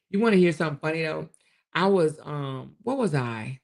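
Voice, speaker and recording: A woman hosts a relaxed livestream, reading viewer comments aloud and answering them. Her voice has a gravelly, fry-heavy edge. She laughs often and acts out both sides of her arguments. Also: sits low, normal speed. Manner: laughs often, calls listeners "child". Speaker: host of a live commentary show.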